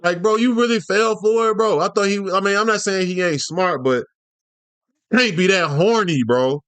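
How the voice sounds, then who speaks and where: A man with a high voice riffs through casual reaction commentary in loose, profane slang. The sound is dry and close, with no room around it. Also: moderate pace, fairly bright tone, clean tone, dry recording. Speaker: YouTube commentator.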